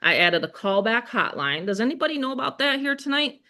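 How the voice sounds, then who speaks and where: An older woman with a Western New York accent hosts a live online sales webinar. Her bright, forceful voice stays chatty and upbeat, and she keeps turning to the audience with questions. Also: on the high side, sing-song, a little fast. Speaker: webinar host.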